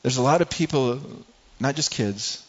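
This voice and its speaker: A man's voice: medium pitch, moderate pace, dull audio. A middle-aged man preaching a sermon in a conversational way, often repeating words and acting out everyday people. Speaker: pastor.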